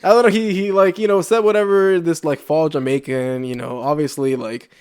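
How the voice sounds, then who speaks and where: A man co-hosts a loose podcast conversation, his voice sitting a little high. He rambles, restarting thoughts and filling gaps with "like.". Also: steady tone, fairly quick, darkish tone, smooth. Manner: rambling, heavy use of "like", frequent restarts. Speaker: podcast co-host. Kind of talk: casual chat.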